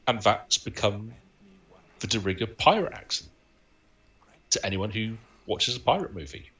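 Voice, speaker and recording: Brief: male podcast co-host, lower pitch, bright forceful tone, trivia-minded. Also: lively intonation, moderate pace. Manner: knowledgeable, anecdotal, laughs often. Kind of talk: casual film chat.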